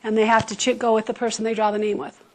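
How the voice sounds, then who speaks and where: A woman's voice: on the high side, flat delivery, fast, darkish tone, rough recording. A woman teacher giving a chemistry lecture to a class, explaining with everyday comparisons and checking in with "okay?". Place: high school classroom.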